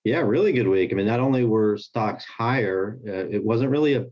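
A man co-hosting a podcast, giving relaxed, measured commentary in casual chat. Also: fairly low pitch, dull audio. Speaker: podcast co-host.

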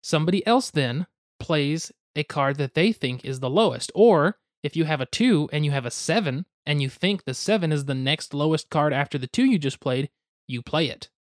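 A man's voice: fairly high pitch, lively intonation, moderate pace, dry recording, studio quality. A young man hosting a podcast, explaining a card game step by step with goofy asides and hedges. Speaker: podcast host explaining board games.

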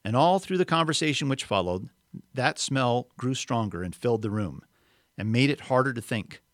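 A man reading a story aloud expressively, pausing for explanatory asides. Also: medium pitch, lively intonation, no echo, studio quality. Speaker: reader.

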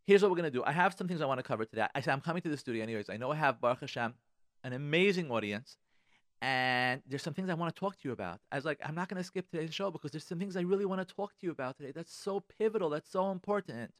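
A man hosting a radio talk show as a rabbi, talking in an animated, repetitive way that keeps restarting sentences, in a studio. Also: fairly high pitch, racing, no echo.

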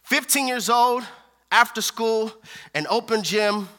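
A man preaching a sermon in a high, piercing voice, pressing each point through repetition. He swings from forceful declarations down to hushed, intimate lines and calls out to his audience for a response. His tone is sharp and urgent. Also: slow pace.

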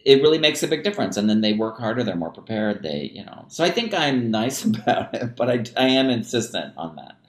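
A man's voice: on the low side, very animated, a little fast, hardly any pauses, echoey room. A man, a music teacher, talking casually in an interview and scattering "like" and "you know" through his speech. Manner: casual and chatty, many "like" and "you know" fillers. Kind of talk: relaxed interview talk.

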